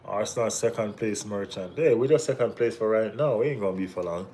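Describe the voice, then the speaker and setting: Laid-back Jamaican man, low voice. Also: a little fast, a little hiss or hum. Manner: laid-back banter with Caribbean slang, bursts of excited teasing. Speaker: football watch-along host. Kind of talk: casual live-stream chat reading viewer comments.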